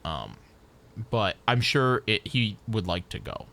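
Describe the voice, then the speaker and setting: A man's voice: lowish voice, big pitch swings, slow, creaky, sharp tone. A man chatting casually on a live game stream, rambling and restarting his sentences over and over. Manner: rambling, stacks repeated restarts.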